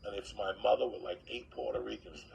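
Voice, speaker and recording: A man telling a profane comic story in a loud, animated way, acting out other people's lines. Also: fairly low pitch, quick pace, over a noisy crowd, poor audio. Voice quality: gravelly.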